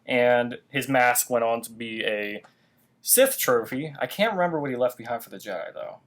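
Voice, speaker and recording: A man's voice: medium pitch, animated, moderate pace. A man co-hosting a casual chat, retelling a story hesitantly and stumbling over his words. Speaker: co-host.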